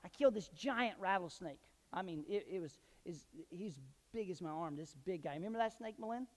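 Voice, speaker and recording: A male pastor preaching a sermon in a church, telling personal stories and swinging into loud emphatic bursts. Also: high voice, animated, brisk. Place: church sanctuary. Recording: long hall reverb.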